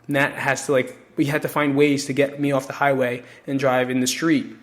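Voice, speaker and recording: This podcast host from New Jersey speaks in a mid-range voice at normal speed, his delivery flat. Alone on the mic, he talks casually and directly to listeners, sharing openly and emotionally with lots of profanity.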